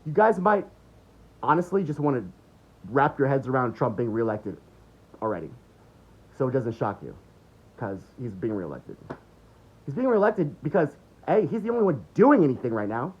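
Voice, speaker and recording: A man's voice: mid-range voice, sing-song, moderate pace, long pauses, slightly rough. Heated, swearing man ranting. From United States. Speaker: political commentator. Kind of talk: unscripted political rant. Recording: dull lo-fi recording.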